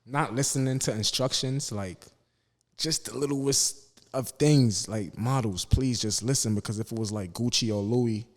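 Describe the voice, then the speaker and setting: A young man with a middle-pitched voice talks in a relaxed, earnest way, full of street slang, as a guest on a podcast. A long hall reverb trails his voice. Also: moderate pace. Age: young adult. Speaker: fashion designer guest. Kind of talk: casual interview chat.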